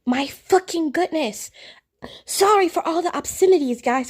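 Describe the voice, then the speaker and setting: A woman with a high voice reacts to a clip on camera. She swears freely and sounds fed up and scornful as she mocks what she is watching. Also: lively intonation, moderate pace. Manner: profane, exasperated, mocking. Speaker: reaction video host. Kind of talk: reaction commentary.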